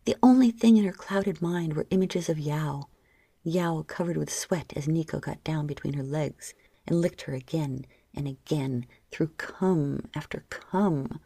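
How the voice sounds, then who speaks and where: Low, gravelly woman narrating softly. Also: a little slow, no echo. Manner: soft, frequently dropping into whispers. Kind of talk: audiobook narration of an erotic story.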